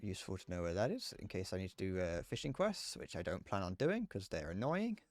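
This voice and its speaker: A man streaming a game, rambling and joking as he thinks out loud, often restarting his sentences. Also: deep voice, very animated, a little fast, no room sound. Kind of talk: casual gameplay commentary.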